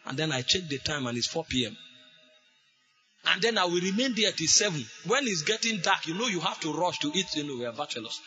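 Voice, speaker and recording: Man, preacher, fervent sermon, sharp bright voice, pitched a bit high, sudden shouts. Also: very animated, a little fast, slightly rough, soft background music.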